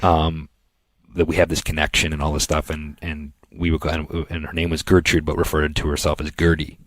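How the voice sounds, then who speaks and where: A man co-hosting a podcast, telling long rambling anecdotes in a casual chat and slipping into quick impressions of other people. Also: very deep voice, flat delivery, a bit bright, no echo. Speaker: podcast co-host.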